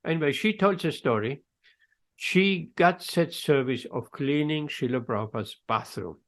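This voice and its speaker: A man teaching a scripture class, telling stories in an unhurried way with pauses mid-phrase and acting out the quoted voices. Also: a little high. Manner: storytelling, acts out quoted voices. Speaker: spiritual teacher.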